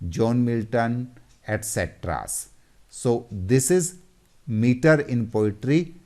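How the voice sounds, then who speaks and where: A man giving a slide-based poetry lesson, slow and methodical, repeating each step. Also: fairly low pitch, a little mellow. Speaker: teacher.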